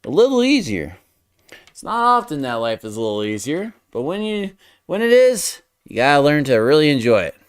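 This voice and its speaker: A man's voice: a little high, big pitch swings, a little fast, smooth, no echo, studio quality. A man streaming as he draws, chatting casually and thinking aloud, often muttering to himself in a playful way. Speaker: streamer drawing live. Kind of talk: casual chat while drawing.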